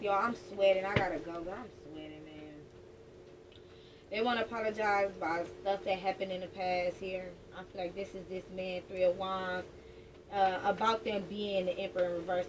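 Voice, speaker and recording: A woman giving a casual tarot reading in a blunt, profane, joking way. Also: medium pitch. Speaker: tarot reader. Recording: distant mic with background noise.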